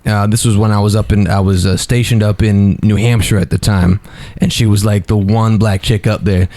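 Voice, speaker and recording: A man's voice: on the low side, little pitch movement, moderate pace, mellow. A young man on a podcast telling a long story in a rambling, casual way, full of fillers and restarts.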